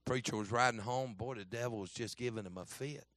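A man's voice: medium pitch, a little fast, fairly bright tone. A man pastor preaching a sermon, telling a story and acting out the voices, with frequent "amen?" asks to the congregation. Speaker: Baptist pastor.

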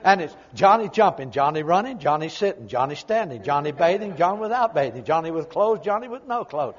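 Very animated and a bit fast, a husky-voiced older preacher with a high pitch delivers homespun tales in a funny, folksy sermon. Loud, punchy bursts alternate with hushed, low asides, all heard through dull, muffled audio.

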